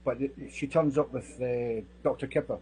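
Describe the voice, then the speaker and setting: A middle-aged man, a security guard giving sworn testimony, recounting events in a halting way, often repeating and restarting his phrases. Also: medium pitch, fairly even intonation, mellow, breathy edge, low-quality recording.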